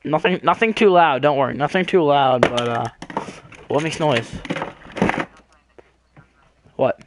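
A man's voice: fairly high pitch, unhurried, background noise. Restless rambling young-sounding man. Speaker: co-player. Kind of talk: casual gaming chat.

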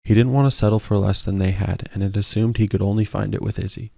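A man narrating a romance novel as an audiobook in a steady, even storytelling manner. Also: fairly low pitch, fast, gravelly, no echo, clean studio sound. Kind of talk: scripted narration.

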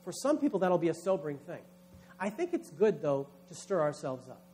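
High-voiced man preaching a sermon. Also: very animated, fairly quick, a little mellow, a little hiss or hum. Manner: emphatic preaching, acts out voices in quotes. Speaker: pastor.

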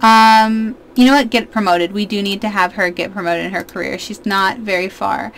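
A woman in her twenties giving casual, excitable let's-play commentary as a gaming YouTuber, chatting to her viewers. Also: mid-range voice, moderate pace, slight background noise.

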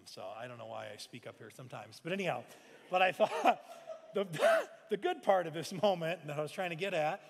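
A man's voice: on the high side, gravelly, long reverb tail. A man in his thirties preaching a sermon, mixing personal stories with impassioned, conversational delivery. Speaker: pastor. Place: large church sanctuary.

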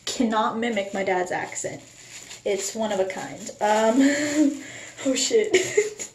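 Teen girl vlogging at home, giggly and sweary, kinda high voice, slow and drawn out, echoey room w faint hiss. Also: darkish tone. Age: late teens. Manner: giggly, swears casually, self-mocking. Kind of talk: casual vlog chat.

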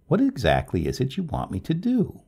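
A cool, wry woman over thirty answers in a raised falsetto, calm and dryly reasonable, put on by a man reading a story. A gravelly, husky grain shows through the voice. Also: moderate pace, full character voice.

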